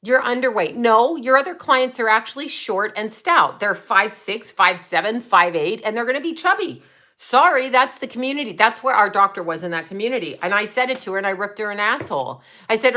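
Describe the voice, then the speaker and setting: A woman's voice: a little high, lively intonation, pushed and bright. A middle-aged woman from Canada ranting bluntly and profanely in a casual livestream. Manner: blunt, profane, fast-shifting rant with laughs. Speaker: livestream host.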